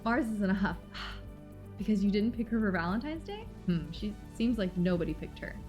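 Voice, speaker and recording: A woman streaming a game live, reading its story aloud and reacting in an expressive, dramatic way, from loud outbursts to low mumbles. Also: a little fast, soft background music.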